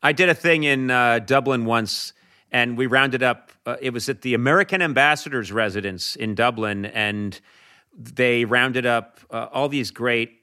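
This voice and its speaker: Talk show host as guest, bright forward voice, relaxed anecdotes. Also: male voice, mid-range voice, moderate pace, clean tone. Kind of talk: casual anecdote telling.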